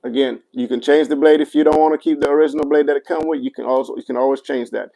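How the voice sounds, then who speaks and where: A man's voice: on the high side, steady tone, fast talker, vocal fry, mellow, low-quality recording. Chatty livestream seller, a man, answering comments while he demos gear. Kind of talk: casual product demo livestream.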